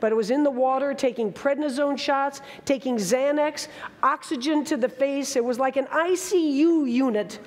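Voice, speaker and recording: A woman's voice: high voice, normal speed, a little mellow, in a large hall, slight background noise. A woman in her sixties telling a dramatic story on stage, with vivid, emphatic bursts. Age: 60s. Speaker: speaker. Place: large hall with an audience.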